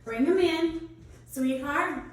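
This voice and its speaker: High-voiced woman teaching dance. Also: slow. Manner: bright, encouraging, counts steps aloud, calls out moves. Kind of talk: teaching children a dance lesson. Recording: echoey room from a distance.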